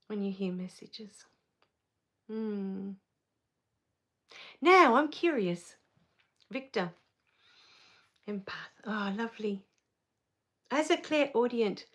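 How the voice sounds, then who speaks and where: A woman hosting a spiritual live Q&A, reading viewer comments, soft-spoken and tender, quick to laugh and tear up. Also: a little high. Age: adult with a child. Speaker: spiritual live-stream host.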